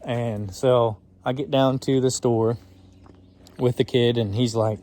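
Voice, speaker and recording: A man in his thirties recounts a strange morning in a loose, rambling vlog style. His voice sits at an ordinary middle pitch, and he slips into quoted dialogue as he goes. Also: steady tone, measured pace, warm tone. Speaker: vlogger. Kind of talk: casual storytelling.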